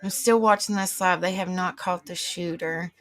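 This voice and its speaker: A middle-aged livestream host talks casually with viewers, rambling and responding aloud to the chat as she reads it. Her voice sits on the low side, fairly bright, with fairly even intonation at a moderate pace.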